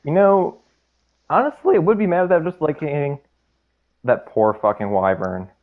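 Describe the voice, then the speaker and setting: Excitable male player, lively pitch, tinny phone-like audio. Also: moderate pace. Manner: excitable, restarts a lot. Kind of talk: casual tabletop play.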